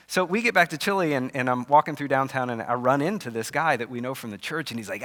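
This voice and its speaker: A man preaching a conversational sermon as pastor, telling stories in an animated way with casual asides. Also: mid-range voice, quick pace, hardly any pauses. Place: church sanctuary. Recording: long church-hall reverb.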